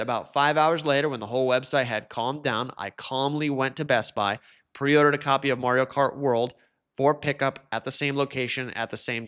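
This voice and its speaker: A man hosting a solo podcast, talking casually and chattily, now and then mimicking others in a high mocking voice. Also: a bit bright, clean tone. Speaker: podcast host.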